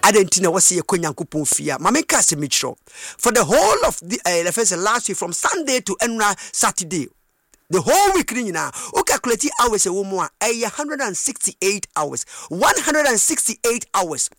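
A man preaching a sermon, passionate, rising from plain speech into shouted and sing-song phrases. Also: high-pitched, sing-song, moderate pace, dry recording, studio quality. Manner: impassioned, switching between shouting and sing-song cadence.

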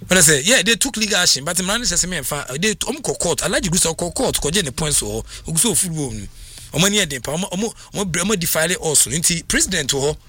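Excitable radio sports host, bright voice. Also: male voice, fairly high pitch, fast talker, slight background noise. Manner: animated, excitable, mixes languages, frequent laughter.

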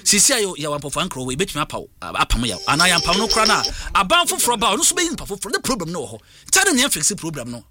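Fast lively Ghanaian radio host. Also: male voice, high-pitched, a crowd in the background. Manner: fast, animated, switching between languages. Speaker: radio sports show host. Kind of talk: call-in sports radio talk.

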